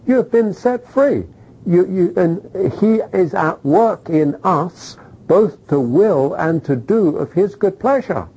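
A middle-aged man preaching a sermon, animated, throwing rhetorical questions at the congregation and checking in with "okay?". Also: sits high, slow pace, slightly rough, poor audio.

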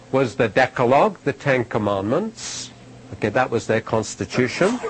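A man's voice: medium pitch, a little hiss or hum, rough recording. A man giving a sermon-style Bible teaching to a live audience. He talks conversationally, asks his listeners questions, ends points with "okay?" and repeats key phrases for emphasis.

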